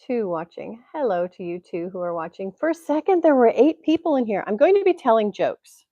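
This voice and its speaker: Speaking fairly quickly in a slightly high, very animated voice, a Tennessee woman chats and laughs her way through a rambling home livestream. Her computer mic gives a dry, muffled recording.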